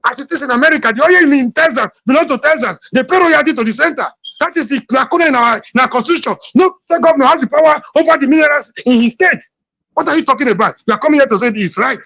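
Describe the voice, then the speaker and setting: A man's voice: very high voice, quick pace, gravelly, pushed and bright, no room sound, low-quality recording. A Nigerian man in a heated political debate, insistent and argumentative, often repeating himself.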